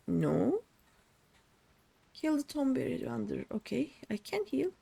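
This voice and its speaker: A woman's voice: high-pitched, sing-song, slow, creaky, long pauses, dark tone, husky. A woman streamer casually commenting on her game, humming and muttering playfully as she plays. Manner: playful, hums and mutters while playing.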